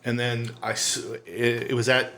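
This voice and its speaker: A middle-aged man in casual podcast chat, stumbling over his words and trailing off quietly. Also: medium pitch, monotone, normal speed, crowd noise. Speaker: podcast co-host.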